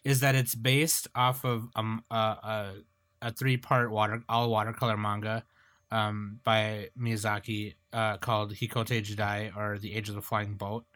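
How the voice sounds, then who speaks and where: A man hosting a casual podcast chat about films, quick to jump in and explain at length. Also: lowish voice, level tone, fairly bright tone. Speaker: podcast host.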